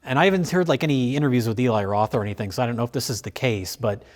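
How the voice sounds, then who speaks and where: A man's voice: mid-range voice, racing. A man hosting a film review show, chatting casually with fillers and restarts. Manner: rambling, many fillers and restarts, laughs easily.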